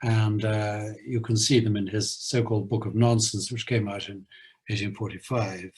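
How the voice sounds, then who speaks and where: A man lecturing on poetry at a university, hesitant, with many filler pauses. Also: fairly low pitch, fairly even intonation, a little mellow, breathy edge, low-quality recording. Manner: reads verse aloud in a measured rhythm.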